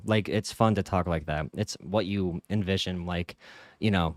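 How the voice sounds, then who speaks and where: A man's voice: deep voice, normal speed, dry recording, clean studio sound. A man giving casual political reaction commentary, rambling with lots of fillers. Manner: laid-back, rambling, frequent fillers.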